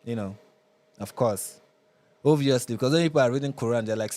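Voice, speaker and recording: A man's voice: mid-range voice, fast, darkish tone. A Nigerian man hosting a live reaction show, commenting with sarcasm and exasperation.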